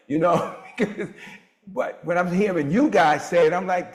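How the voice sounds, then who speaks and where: A man in his sixties hosting a motivational group on a video call, talking with a lively preacher-like cadence. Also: moderate pace, roomy sound. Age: 60s. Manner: animated preacher-like cadence, swoops in pitch. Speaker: mastermind group host.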